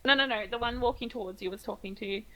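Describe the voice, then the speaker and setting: A woman's voice: a little high, rapid-fire, crowd noise, low-quality recording. An Australian woman narrating a tabletop game as game master, with many ums and uhs.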